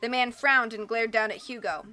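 A woman reading a storybook aloud as narrator with steady, clear delivery. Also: fairly high pitch, moderate pace, soft background music. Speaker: audiobook reader.

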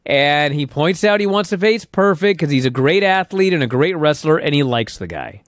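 A man in his late thirties co-hosting a podcast, telling stories in an animated, profane way and acting out what others said. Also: on the high side, normal speed, no echo, clean studio sound. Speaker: podcast co-host. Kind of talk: casual chat.

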